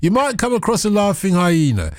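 A man in a casual chat who talks in a lively, teasing way. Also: sits high, brisk, dry recording, clean studio sound. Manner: lively, teasing, full of laughs. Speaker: conversation partner.

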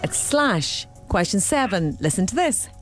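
A woman co-hosting a radio show, reading quiz questions clearly to a caller. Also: mid-range voice, very animated, unhurried, over music. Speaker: radio co-host, quizmaster.

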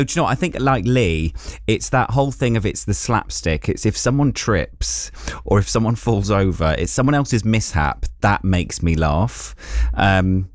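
Man, stand-up comedian, self-deprecating, chuckles, lowish voice, dry sound. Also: no echo. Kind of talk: casual anecdote telling.

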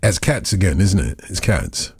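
A man's voice: deep voice, lively intonation, normal speed, darkish tone, husky, no room sound. A man hosting a radio phone-in, chatting in a rambling, self-deprecating way. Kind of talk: casual radio chat.

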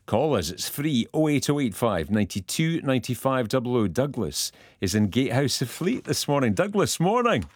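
Lively radio host man. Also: mid-range voice, moderate pace, hardly any pauses, no room sound, clean studio sound. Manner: upbeat, lively presenter patter. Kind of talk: live radio phone-in presenting.

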